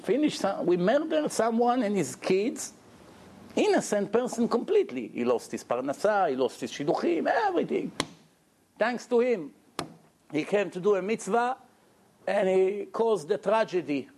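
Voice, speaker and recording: A man giving a storytelling sermon as a rabbi, animated and asking his audience questions, at a lecture. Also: high voice, moderate pace, slight background noise. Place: lecture room with audience, indoors.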